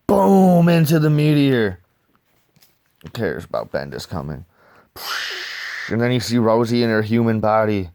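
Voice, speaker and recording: A man's voice: mid-range voice, darkish tone, clean tone, dry recording. A man casually reviewing comics in rambling, slangy talk, throwing in "dude" and swearing freely.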